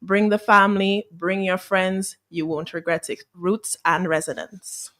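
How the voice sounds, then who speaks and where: A woman's voice: on the low side, flat delivery, measured pace, fairly bright tone. A woman, a choir member promoting her group's show on a radio talk program in an upbeat, persuasive way.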